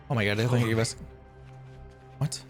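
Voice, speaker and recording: A man streaming a reaction to a game, talking casually with animated, exasperated outbursts. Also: medium pitch.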